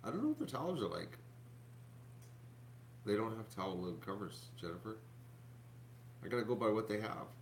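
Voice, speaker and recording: A man's voice: fairly low pitch, big pitch swings, moderate pace, long pauses, slight background noise. A man, hosting a casual vlog, rambling to his viewers with lots of fillers and restarts. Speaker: YouTube channel host.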